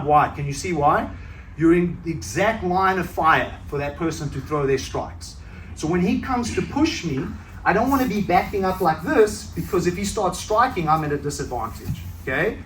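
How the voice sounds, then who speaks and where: High-voiced coach in an echoey hall. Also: male voice, fairly bright tone, slight background noise. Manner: conversational, checks in with "right?" constantly. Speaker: self-defense coach. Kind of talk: seminar teaching. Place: training hall at a seminar. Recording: echoey hall, mic from far off.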